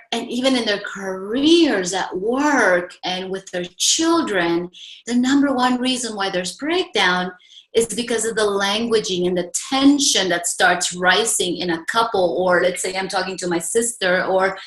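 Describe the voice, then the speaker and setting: A woman's voice: mid-range voice, reverberant, poor audio. Woman coach telling a personal story. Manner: personal, animated storytelling with audience questions. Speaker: relationship coach. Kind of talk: storytelling talk to an audience.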